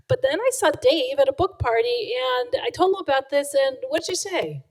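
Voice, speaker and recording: A woman's voice: high voice, moderate pace, few pauses, rough recording. Chatty woman presenting a book live. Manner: chatty and animated, acts out quotes. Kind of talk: live book talk to an audience. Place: event room with an audience.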